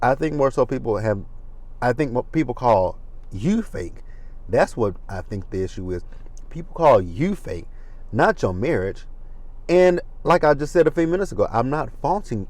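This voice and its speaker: A man's voice: lowish voice, a little mellow. A man hosting a casual reality TV recap, talking in a chatty, gossipy way with asides and profanity. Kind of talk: casual chat commentary.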